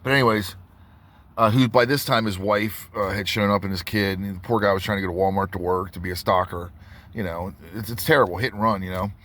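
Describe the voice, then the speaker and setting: A man's voice: fairly low pitch, fairly even intonation, brisk, fairly bright tone. A tattoo artist telling a rambling story in a casual vlog, full of restarts and asides to his viewers.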